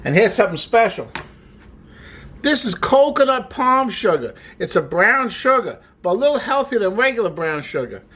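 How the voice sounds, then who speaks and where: A man's voice: high voice, sing-song, normal speed, bright, forceful tone, a little hiss or hum. A man hosting a casual cooking demonstration, chatty and upbeat as he explains each step while he works. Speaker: cooking show host. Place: home kitchen.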